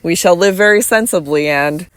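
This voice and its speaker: Commanding, teasing noblewoman in an audiobook, calm and controlled, read by the narrator, dry close recording. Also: lowish voice, normal speed, no echo, lightly acted. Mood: playful. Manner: cool and commanding, then playful. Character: imperious, teasing young noblewoman. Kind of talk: audiobook reading.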